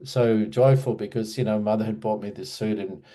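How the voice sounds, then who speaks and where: Older aussie guy, 60s, rambling interview guest, lowish mellow voice, keeps restarting his sentences. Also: steady tone, normal speed. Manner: meandering storyteller, many restarts and asides. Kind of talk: reminiscing in a casual interview.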